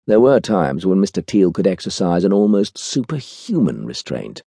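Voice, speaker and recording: Deep voiced guy narrating an audiobook, wry and expressive, dry close studio sound. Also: moderate pace, gravelly, hardly any pauses, husky, no room sound.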